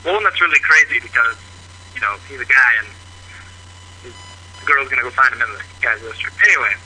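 A man's voice: medium pitch, animated, a little fast, bright, forceful tone, husky. A man from Missouri leaving a rambling voicemail story on a phone line, full of fillers. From Missouri, USA. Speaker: caller.

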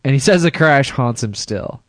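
A man's voice: mid-range voice, expressive, normal speed, fairly bright tone, no echo, studio quality. A man co-hosting a casual podcast, reading news stories aloud with crude jokes, often stumbling over names and laughing mid-sentence. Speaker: podcast co-host.

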